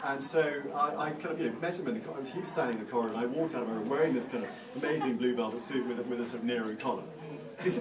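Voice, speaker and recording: A middle-aged man giving a eulogy for his father, telling funny stories in a halting, self-deprecating way with many restarts. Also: medium pitch, a loud crowd, heavy background noise. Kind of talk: anecdotal speech to a crowd. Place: large room at a funeral gathering. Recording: roomy hall, distant mic, audience laughter.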